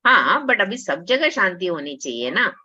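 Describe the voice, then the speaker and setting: Indian lady coach chatting to a group, lowish voice, coaxing, muffled recording. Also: big pitch swings, rapid-fire, sharp tone, husky. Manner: conversational, coaxing, mixes Hindi into English. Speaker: life coach. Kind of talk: motivational talk with a participant. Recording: dull lo-fi audio.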